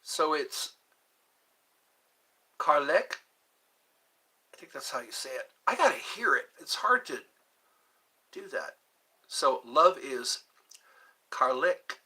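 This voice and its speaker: Male streamer, rambling chat with viewers, slightly high voice with an unhurried pace. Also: very animated, sharp tone. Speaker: livestream host. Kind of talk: casual livestream chat.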